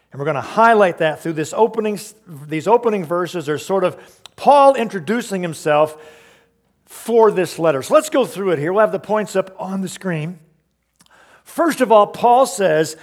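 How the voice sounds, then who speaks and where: A man preaching a sermon, emphatic, asking the congregation rhetorical questions and explaining verses. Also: high voice. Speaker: pastor.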